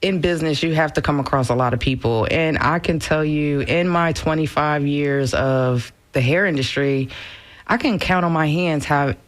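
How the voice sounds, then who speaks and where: A cheerful woman in her forties, a guest chatting about animal rescue in a radio studio, upbeat and quick to laugh. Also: deep voice. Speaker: animal rescue founder and hair stylist, guest. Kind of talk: casual radio interview chat.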